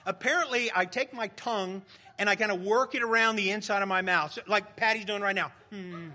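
High, bright-voiced man preaching. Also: brisk. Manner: conversational, joking with the congregation. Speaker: pastor. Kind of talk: sermon.

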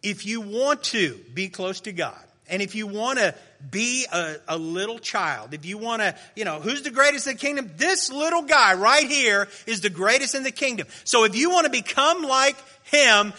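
A middle-aged man preaching a sermon as pastor, animated, swinging between loud exclamations and soft asides. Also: high voice.

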